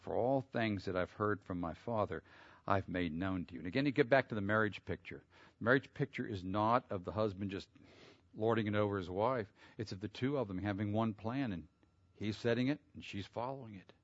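A man preaching a sermon. He reads scripture aloud, explains it, and builds to loud, emphatic peaks. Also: lowish voice, brisk, no room sound. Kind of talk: sermon, expository Bible teaching. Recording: dull lo-fi sound.

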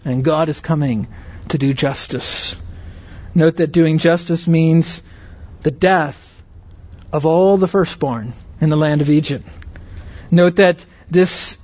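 A man with a somewhat high voice teaches a Bible lesson in an earnest, explanatory manner. He keeps checking that his listeners follow with short rhetorical questions. The recording is dry and a little dull. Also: a little mellow, dry recording.

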